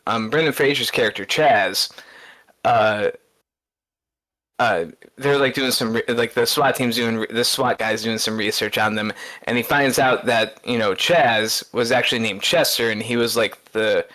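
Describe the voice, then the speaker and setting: A man in casual podcast chat, telling stories in an excitable, rambling way, stumbling over his words and laughing often. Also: medium pitch, unhurried. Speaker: podcast co-host.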